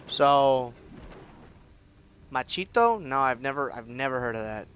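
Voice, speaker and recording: A man's voice: mid-range voice, lively intonation, unhurried, fairly bright tone, smooth. A young man chatting loosely through live gameplay commentary, with lots of fillers and restarts. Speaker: game streamer.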